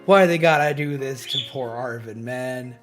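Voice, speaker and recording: A man's voice: mid-range voice, normal speed. A man streaming a video game, ranting in casual commentary with lots of swearing. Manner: animated, profane ranting. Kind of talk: casual gaming livestream commentary. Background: faint background music.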